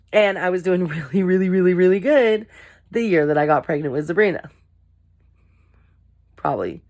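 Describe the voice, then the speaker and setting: A young woman with a low voice talks candidly to her camera. She rambles, corrects herself and pokes fun at her own failings in a loose, chatty vlog style. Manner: candid, rambling, self-deprecating. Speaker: vlogger. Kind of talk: casual talk to camera.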